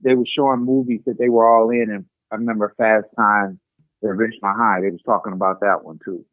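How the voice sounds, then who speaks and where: A man's voice: fairly low pitch, fairly even intonation, brisk, no room sound. Man on a tinny, dry phone line. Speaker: co-host. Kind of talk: casual chat about movies.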